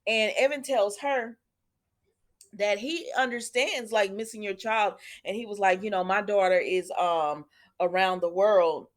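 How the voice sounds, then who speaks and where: A soap opera reviewer chats casually with her viewers, calling them y'all while recapping an episode. Her mid-range voice stays steady and a little slow as she retells scenes and quotes the characters.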